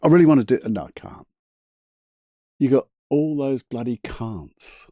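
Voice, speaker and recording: A man's voice: medium pitch, lively intonation, moderate pace, warm tone, dry recording, studio quality. A man hosting a solo motivational podcast, talking in a chatty, emphatic way, swearing casually and laughing at himself. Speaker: podcast host.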